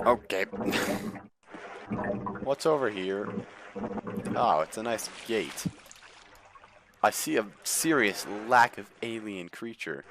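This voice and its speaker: A young man giving jokey, excitable commentary while playing a video game, talking back at the enemies on screen. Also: fairly low pitch. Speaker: gaming YouTuber. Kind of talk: let's play commentary. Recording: loud game music over voice.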